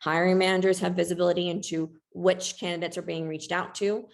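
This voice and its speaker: A woman's voice: lowish voice, level tone, a little fast, vocal fry. A woman presenting a webinar in a casual, chatty way, often saying "like" and keeping an upbeat tone.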